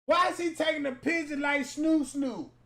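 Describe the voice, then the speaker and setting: A man giving profane comedic roast commentary that is loud, crude and mocking, with sudden shouts. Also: very high-pitched, steady tone, moderate pace. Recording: roomy echoey room.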